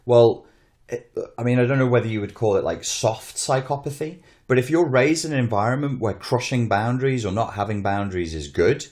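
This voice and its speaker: A man's voice: mid-range voice, fairly quick, darkish tone. A man in casual podcast chat, rambling and blunt, often restarting his sentences. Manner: rambling, blunt, swears, self-interrupting. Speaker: podcast co-host.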